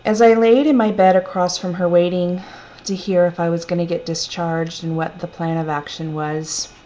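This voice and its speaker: A woman telling a personal story in a gentle, reflective, unhurried way. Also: lowish voice, steady tone. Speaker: storyteller sharing a personal testimony. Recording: dull lo-fi recording with faint hum.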